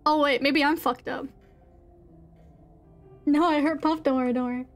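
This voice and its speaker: A young woman streams a game live and reacts out loud, laughing, cursing and yelping. Her voice sits high, with faint music playing underneath. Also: fairly even intonation, normal speed. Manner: giggly, reactive, swearing, exclamatory. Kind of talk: live gaming commentary.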